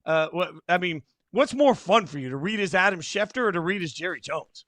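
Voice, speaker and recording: A man's voice: high voice, lively intonation, fairly quick, fairly bright tone, no room sound. A man hosting a sports talk show, upbeat as he introduces a guest and asks questions. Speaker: host.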